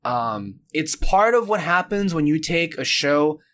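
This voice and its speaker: A man co-hosting a podcast, chatting casually and ranting with animated annoyance. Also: on the high side, unhurried. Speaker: podcast co-host.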